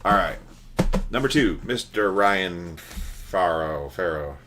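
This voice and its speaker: A man's voice: deep voice, animated, takes it slowly, fairly bright tone, slight background noise. A man hosting a trading card break livestream, chatting casually and teasing his viewers.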